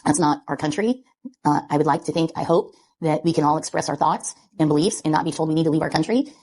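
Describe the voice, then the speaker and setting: A woman giving a public statement in an earnest, measured way. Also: deep voice, darkish tone. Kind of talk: public statement on a court case.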